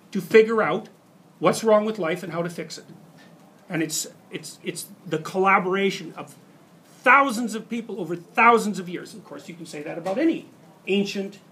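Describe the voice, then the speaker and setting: A man's voice: sits high, a bit bright. A middle-aged man giving a university lecture, talking conversationally and acting out examples with quoted inner voices. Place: lecture hall.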